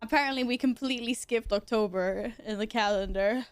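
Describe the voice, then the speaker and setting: A woman's voice: on the high side, a little fast, smooth, dry recording. A woman streamer chatting casually with her viewers, giggly and exasperated, swearing a lot. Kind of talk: casual livestream chat to viewers.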